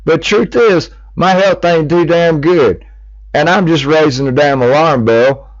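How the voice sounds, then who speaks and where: A man's voice: fairly high pitch, a little slow, dry recording. A middle-aged American man, delivering a heated, profane monologue as a public appeal. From United States. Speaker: speaker making a public appeal. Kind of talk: angry monologue. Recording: dull lo-fi recording.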